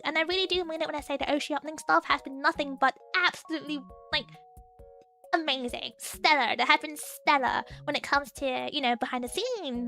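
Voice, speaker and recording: Super high squeaky english girl streamer, bouncy bright voice, giggles a lot. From England. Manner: giggly, bubbly, rambling with many fillers. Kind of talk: casual chat.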